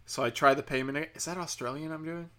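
A man telling a comic story, rambling and loaded with profanity and sarcasm. His voice is bright and pitched slightly above average for a man. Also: fairly even intonation, fast talker. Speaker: comedian. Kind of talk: comedic storytelling.

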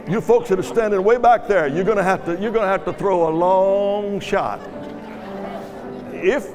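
A male guest pastor, preaching a sermon and urging the congregation with repeated commands. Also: high voice. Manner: exhorting, repeats commands to a crowd. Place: large church hall. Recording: live church hall with reverb and music. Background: music and congregation.

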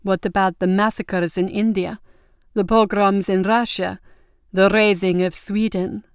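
A woman voicing a sly young countess who speaks slowly with mock-polite innocence. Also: mid-range voice, fairly even intonation, smooth, no echo, studio quality, close to an everyday voice. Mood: pointed.

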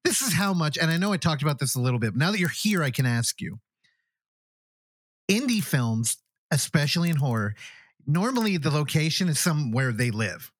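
Lively, swearing male podcast host. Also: on the high side, fairly quick, no room sound. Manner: enthusiastic, swears freely. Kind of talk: casual interview chat.

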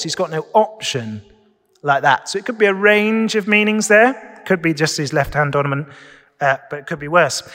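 High-voiced man preaching in a reverberant church. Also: sharp tone. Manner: chatty, often asks listeners questions. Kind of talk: conversational sermon. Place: church during Sunday worship. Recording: long reverb of a church hall.

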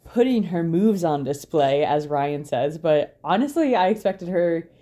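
A woman's voice: on the low side, lively intonation, a little slow, dark tone. A young woman co-hosting a podcast, recapping a reality show in a wry, chatty way and laughing often. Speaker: podcast co-host.

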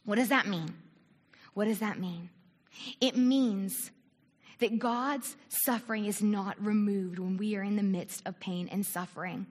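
A woman from the United States preaching a sermon, animated, asking rhetorical questions and acting out quoted voices. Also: mid-range voice, measured pace. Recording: long reverb of a large hall.

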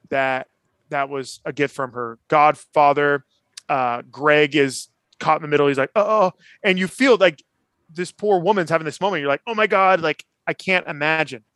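A man co-hosting a casual TV recap podcast, retelling scenes with lively bits of acted dialogue. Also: medium pitch, no room sound. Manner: animated retelling, acts out characters' lines. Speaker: podcast co-host.

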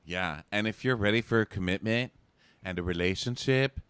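A man co-hosting a casual comedic recap chat, talking in an animated, mocking way and jumping into squeaky impressions. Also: moderate pace, clean tone, no echo. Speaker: podcast co-host.

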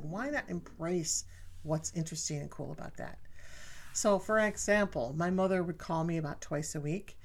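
Speaking at a moderate pace with a fairly low pitch, a middle-aged woman chats her way through personal family stories. She laughs frequently and talks right to her listeners.

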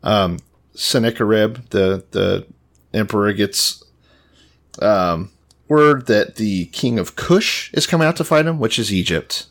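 A man's voice: on the low side, takes it slowly, a bit bright. A man co-hosting a podcast who sums up the scripture story in a laid-back way, with plenty of swearing. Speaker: podcast co-host. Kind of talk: casual chat.

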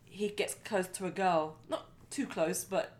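A woman co-hosting a podcast, chatting casually and rambling as she recounts events. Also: on the low side. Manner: fast, rambling, breaks off and restarts. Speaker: podcast co-host. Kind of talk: casual chat.

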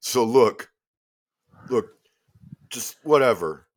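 A man's voice: medium pitch, animated, slow. A man voicing a boorish tavern owner who boasts and trades insults in a comedy sketch. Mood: mocking. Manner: laughs at own insults, boastful. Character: boorish male tavern owner, brash and mocking.

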